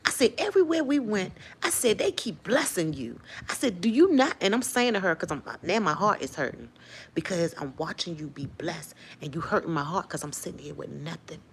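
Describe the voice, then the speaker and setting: Woman host, gravelly low voice, animated testimony, faint room noise. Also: brisk. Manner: animated storytelling, acts out quotes, laughs often. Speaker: host sharing a faith testimony. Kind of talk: lively spoken testimony to viewers.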